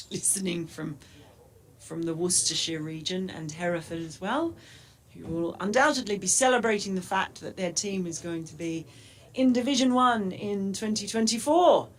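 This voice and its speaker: A woman giving live ball-by-ball cricket commentary, chatty and quick to laugh between calls. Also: mid-range voice. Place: commentary box at a cricket ground.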